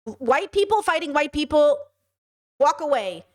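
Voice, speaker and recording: A young woman streams her reactions, talking bluntly and with open exasperation. Her voice sits high, and she swears freely as she reacts. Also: sing-song, measured pace. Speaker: commentary streamer. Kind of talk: reaction commentary to protest footage.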